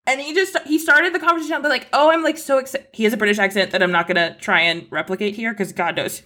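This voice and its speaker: Bright-voiced woman rambling with "like". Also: mid-range voice, quick pace. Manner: rambling, many "like" fillers, laughs often. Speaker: entertainment journalist guest. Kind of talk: casual podcast chat.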